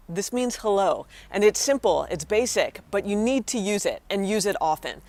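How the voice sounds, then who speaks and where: A woman's voice: medium pitch, darkish tone, dry recording. An American woman, a young adult, chatting casually to viewers as she teaches everyday phrases. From United States. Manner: chatty and encouraging, addresses viewers directly. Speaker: vlogger teaching French phrases. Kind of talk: casual vlog lesson.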